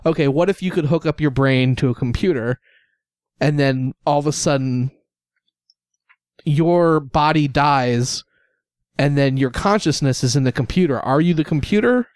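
A man's voice: on the high side, moderate pace, a little mellow, smooth, no room sound. Dry-sounding male podcast co-host. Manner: conversational, musing, explains things. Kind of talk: casual comedic banter.

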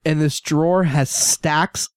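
A man's voice: fairly high pitch, fairly even intonation, slow, clean tone, dry recording, clean studio sound. A man co-hosting a podcast, recalling events in a rambling, casual way and searching for words. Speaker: podcast co-host. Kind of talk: casual storytelling chat.

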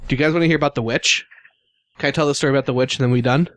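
A man's voice: mid-range voice, racing, no echo. A man co-hosting a casual chat, telling stories with lots of laughs and acted-out quotes. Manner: animated, laughs often, acts out quotes.

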